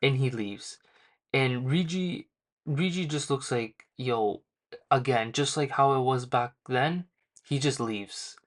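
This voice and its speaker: A man's voice: mid-range voice, a little slow. A young man casually recapping a manga chapter in a rambling, slangy way with lots of fillers. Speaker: manga reviewer.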